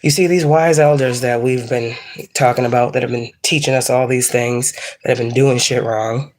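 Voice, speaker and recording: A woman's voice: rumbling low, fairly even intonation, moderate pace, a little mellow. A woman giving a casual tarot reading and ranting at viewers in a blunt, heavily profane, scolding way. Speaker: psychic tarot reader. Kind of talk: casual spiritual reading rant.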